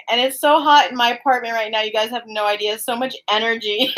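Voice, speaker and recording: Woman tarot host, fairly high voice, bubbly and chatty, reads cards live from home. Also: a little fast, fairly bright tone, low-quality recording. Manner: chatty and giggly, addressing viewers by name. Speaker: tarot card reader and live-stream host. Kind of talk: casual live-streamed card reading. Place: her apartment, indoors.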